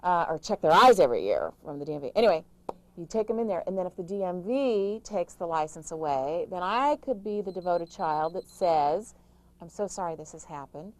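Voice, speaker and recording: A middle-aged woman, an author, giving emphatic, rapid-fire caregiving advice in an interview, with frequent restarts. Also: fairly low pitch, expressive, poor audio. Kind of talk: interview answers.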